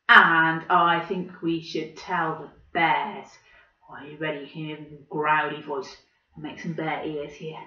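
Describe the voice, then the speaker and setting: A woman leading a children's church video for toddlers. She tells a story and runs games in a slow, exaggerated, coaxing presenter manner, recorded at home. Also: deep voice, fairly even intonation, pushed and bright. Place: living room at home. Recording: roomy, distant, slightly dull home recording.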